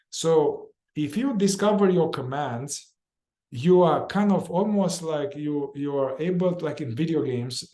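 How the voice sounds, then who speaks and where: A man's voice: on the high side, darkish tone. A man leading a guided somatic therapy group, talking informally, repeating phrases and sometimes swearing. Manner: informal and repetitive, acts out inner voices with quick chanted phrases and swearing.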